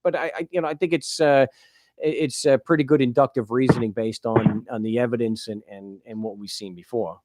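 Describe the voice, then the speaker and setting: A man hosting a call-in talk show, encouraging his caller and thinking aloud with halting restarts. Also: mid-range voice, fairly even intonation, darkish tone, no echo, clean studio sound. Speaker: show host.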